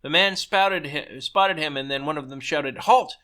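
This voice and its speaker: A man's voice: a little high, normal speed, bright, forceful tone, smooth. A man reading his own story aloud, stumbling and correcting himself as he goes.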